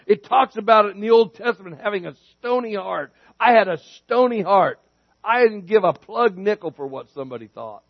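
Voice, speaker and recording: A man preaches a sermon, telling homespun stories and building to emphatic points. His voice sits high for a man. The sound is dry and a little dull. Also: no echo. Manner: folksy storytelling preacher, rises in pitch for emphasis. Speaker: pastor.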